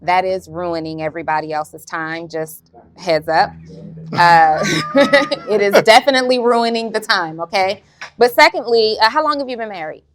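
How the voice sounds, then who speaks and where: A woman's voice: mid-range voice, moderate pace. A woman on a podcast panel asking direct, teasing questions. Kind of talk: probing podcast discussion.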